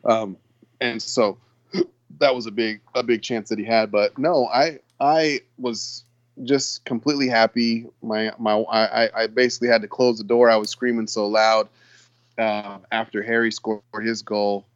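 An excitable man rambles through a casual football chat, laughing now and then. His voice sounds dry and close, with no room around it. The recording is dull and a bit lo-fi. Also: lowish voice, unhurried, no echo. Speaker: podcast co-host.

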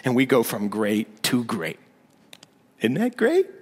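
This pastor speaks slowly at a medium pitch, his voice swinging hugely up and down with a breathy edge. He preaches conversationally, slipping in sarcasm and building toward emphatic points, while the long reverb of the large sanctuary trails after him.

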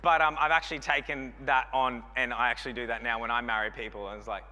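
Joking Australian pastor with a bright voice. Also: male voice, mid-range voice, flat delivery, quick pace. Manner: chatty, joking, rambling with many fillers. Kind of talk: sermon. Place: church hall. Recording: long hall reverb.

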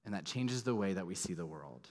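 A man in his thirties, a pastor preaching a sermon, earnest and emphatic, dropping to soft low tones at tender moments. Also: lively intonation, fairly quick. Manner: earnest, emphatic storytelling with sudden soft drops. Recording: long hall reverb.

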